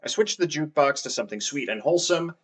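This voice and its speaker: A man's voice: fairly high pitch, lively intonation, fast, breathy edge. A man narrating his farming game playthrough in a wry, self-deprecating scripted style. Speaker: gameplay narrator.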